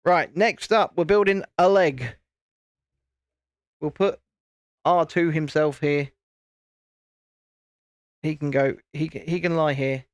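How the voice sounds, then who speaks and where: A man's voice: a little high, slow pace, pauses often, dry recording, lo-fi sound. A British man hosting a live stream, chatting casually in a rambling way and often restarting his sentences. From United Kingdom. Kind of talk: casual live-stream chat while building.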